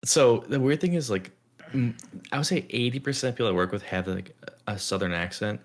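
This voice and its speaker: A man's voice: medium pitch, fairly quick. A young man co-hosting a casual podcast chat, telling rambling stories full of fillers and mock-quoting the people he talks about. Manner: rambling, filler-heavy storytelling with mocking quoted voices. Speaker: podcast co-host.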